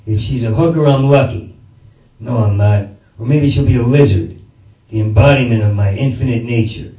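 Recorded in a muffled way, a man with a mellow mid-range voice tells a stand-up story at a moderate pace, stammering, swearing and wandering off topic. The audience sits with him in a small performance space. Distant miking leaves the sound roomy and faintly noisy.

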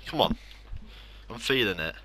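A young Englishman with a lowish, sharp voice speaks at a moderate pace with lively intonation. As a gaming YouTuber commentating live on his football matches, he rants over losing and jokes at his own expense.

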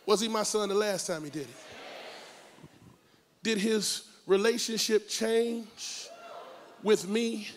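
A male pastor preaching a lively, comic sermon to a church, often breaking into shouts. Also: sits high, slow pace, long pauses, a little hiss or hum.

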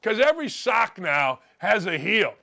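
An older man hosts a sports talk show. His voice is gravelly from days of yelling, yet fairly high and bright. He rants bluntly and sarcastically, with a combative edge. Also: big pitch swings, unhurried. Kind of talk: opinionated sports radio rant.

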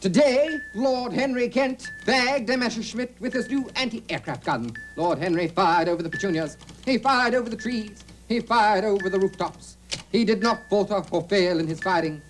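An actor playing a pompous aristocratic lord and boastful war hero, narrating and declaiming in a 1970s educational TV sketch. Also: male voice, high-pitched, big pitch swings, moderate pace, a little mellow, faint music behind, low-quality recording.

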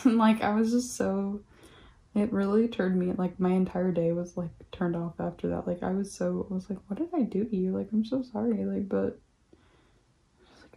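A young woman talks through a relaxed craft vlog from home, rambling and filling her sentences with "like." Her voice is mellow and warm, and she bounces into the voices of the people in her stories. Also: mid-range voice, normal speed, gravelly. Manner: rambling, peppered with "like", animated retelling of quotes. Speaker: craft vlogger. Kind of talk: casual chatty storytime while crafting.

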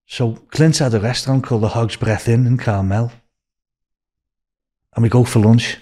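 Man, Scouse accent, sixties, lively anecdotal storytelling, acts out quotes. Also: mid-range voice, moderate pace. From Liverpool, England. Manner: animated, acts out quoted speech in a raised voice. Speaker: podcast guest.

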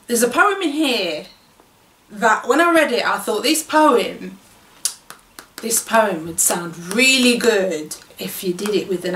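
A woman's voice: medium pitch, animated, slow pace, pushed and bright, a little hiss or hum. A woman vlogger and writer talking casually to camera, enthusiastic and restarting her sentences often. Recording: roomy echo, distant mic.

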